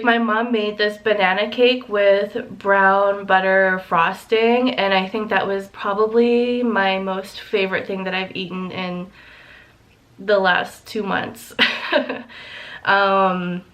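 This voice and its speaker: A woman's voice: medium pitch, a bit bright. A young woman chats casually and unhurriedly with her viewers, her words strung together with likes and ums. She breaks into small giggles often and sounds a little emotional at times. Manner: giggly, chatty, lots of fillers. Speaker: vlogger. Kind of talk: casual chat.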